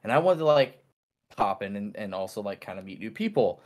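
A man's voice: lowish voice, big pitch swings, fairly quick, darkish tone. A man co-hosting a casual podcast, rambling through a story with lots of fillers and restarts. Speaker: podcast co-host.

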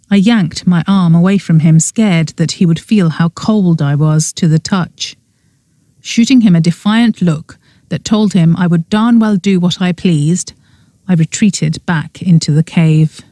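A woman narrates a first-person mystery audiobook in a brisk reading style. Her tone is dark and mellow, recorded dry and close. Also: fairly low pitch, dry recording.

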